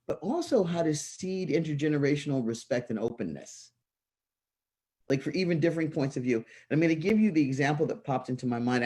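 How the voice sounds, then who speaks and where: A panel moderator who speaks earnestly and frankly, framing questions with personal examples over a video call. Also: male voice, on the high side, warm tone. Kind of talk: panel discussion.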